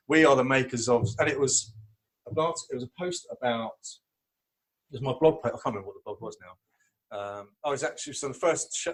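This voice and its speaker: Fast-talking man telling stories. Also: medium pitch, fairly bright tone. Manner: chatty storyteller, laughs often. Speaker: podcast guest. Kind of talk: casual chat.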